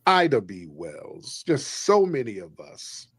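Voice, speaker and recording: A man's voice: mid-range voice, wildly swooping pitch, slow pace, husky, no echo. A man hosting a call-in livestream, preachy and emphatic, repeating his points. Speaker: livestream host. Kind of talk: combative call-in livestream talk.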